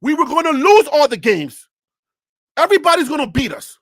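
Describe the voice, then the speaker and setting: On a live stream, a sports talk host rants into a desk USB microphone, piling up rhetorical questions and repeated phrases. The voice is high, very animated, fairly bright and a little fast, captured as a dry, clean studio recording.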